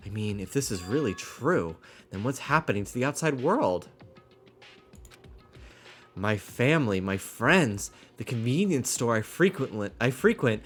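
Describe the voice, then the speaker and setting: A man's voice: sing-song, a little slow, soft background music. A man reading aloud the lines of a doubtful, shaken young male student from a video game. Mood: disbelieving. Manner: reads game dialogue aloud in a lowered voice.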